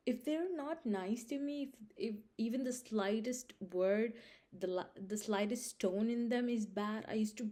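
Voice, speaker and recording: A woman's voice: fairly high pitch, moderate pace, mellow. A young woman vlogging casual life advice straight to her viewers, emphatic and repetitive, often checking in with a question. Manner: emphatic, repeats points, checks in with "Understand?". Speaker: vlog host giving life advice. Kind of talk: casual direct-to-camera advice.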